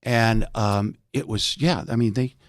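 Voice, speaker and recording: An older American man, a veteran actor, telling animated anecdotes in casual chat and slipping into impressions. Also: mid-range voice, a little slow, no room sound, clean studio sound. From United States. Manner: animated storyteller, jumps into voices. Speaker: podcast guest, veteran actor.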